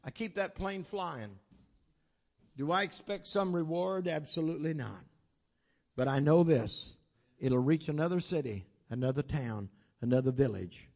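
An older man with grandchildren preaching a sermon, telling folksy stories and swinging from loud exclamations to quiet asides. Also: on the high side. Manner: folksy storytelling with plain southern-style grammar.

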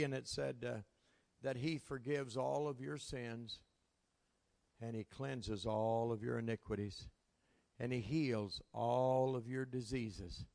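In a church sanctuary with long, hall-like reverb, a man with a gravelly, medium-pitched voice preaches, recounting folksy tales from his ministry and chuckling as he goes.

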